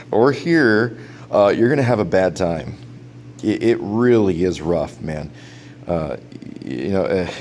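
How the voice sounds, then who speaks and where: A man's voice: deep voice, a little mellow, slight background noise. A man casually reviewing a gadget in a vlog, rambling with lots of fillers and restarts and frequent chuckles. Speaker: product reviewer.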